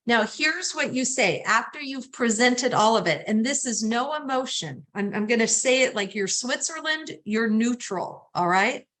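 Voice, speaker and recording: A woman's voice: a little high, animated, moderate pace, few pauses, fairly bright tone. A woman teaching a real estate sales class, acting out lines to say to clients and checking in with the class. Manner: coaching, acts out client scripts, asks class questions. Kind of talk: class lecture with role-played scripts.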